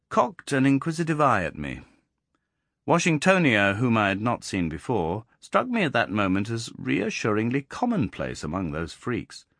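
A man narrating a novel in the first person, in a measured, expressive reading. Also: on the low side, no room sound, clean studio sound. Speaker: audiobook narrator.

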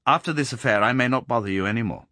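A man reading aloud and voicing a cheerful, brisk young man who talks breezily with his mouth full, in a storybook reading. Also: mid-range voice, bright, forceful tone, dry recording, clean studio sound, lightly acted.

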